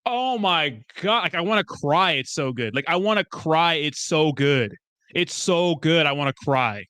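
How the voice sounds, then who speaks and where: A young man chatting casually as a streamer, rambling and excitable, swearing often and breaking into laughs. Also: fairly high pitch, moderate pace, no echo, studio quality. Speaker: crypto streamer. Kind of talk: casual chat.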